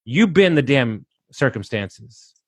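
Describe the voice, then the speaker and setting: A man's voice: mid-range voice, sing-song, takes it slowly, breathy edge, no room sound, studio quality. A man speaking as a guest on a podcast, talking in an emphatic, fired-up way, swearing freely and preaching like a coach. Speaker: podcast guest, real estate investor. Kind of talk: motivational podcast talk.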